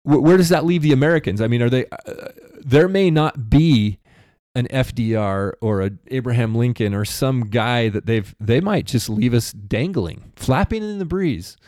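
A man's voice: medium pitch, animated, normal speed, darkish tone, no echo. Co-host, rambling male talker, restarts often, dry sound. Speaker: podcast co-host. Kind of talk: casual conversation.

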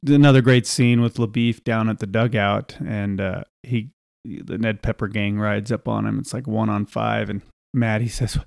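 Gravelly man retelling film scenes. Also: fairly low pitch, fairly even intonation, moderate pace, a little mellow, no echo, studio quality. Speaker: podcast host. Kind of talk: casual chat.

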